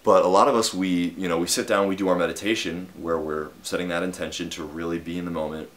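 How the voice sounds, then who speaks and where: A man's voice: sits low, steady tone, fast talker. A young man vlogging, telling a story in a rambling, casual way full of fillers and the odd swear word.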